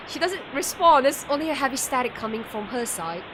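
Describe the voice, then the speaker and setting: A woman streamer with a fairly high voice reads a spooky story aloud. She slips into playful asides, giggles, and half-serious tries at a British accent. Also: animated, fairly quick, few pauses, a bit bright, slight background noise. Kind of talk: reading a horror visual novel aloud with commentary.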